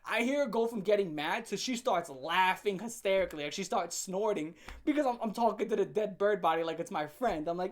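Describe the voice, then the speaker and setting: A young man telling a funny story from his teen years in a casual, animated way, laughing often and swearing freely. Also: high-pitched, a little fast, hardly any pauses. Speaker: storyteller host. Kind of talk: comedic storytime vlog.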